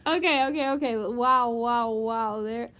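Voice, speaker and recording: A woman's voice: on the high side, unhurried, a bit bright. A woman co-hosting a casual live Q&A, giggly and teasing, reading out viewers' questions. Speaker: co-host of a couple's live Q&A. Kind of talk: casual live-stream chat.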